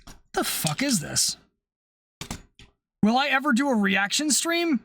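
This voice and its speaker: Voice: sits high, very animated, a little slow, a bit bright, no room sound. A live streamer chatting casually while building LEGO, reacting to chat messages, laughing often and swearing freely.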